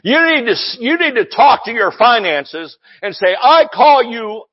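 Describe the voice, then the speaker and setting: A man preaching a sermon as pastor, fiery and loud, breaking into shouts and joking with the congregation. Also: very high voice, sing-song, normal speed, breathy edge, dull audio.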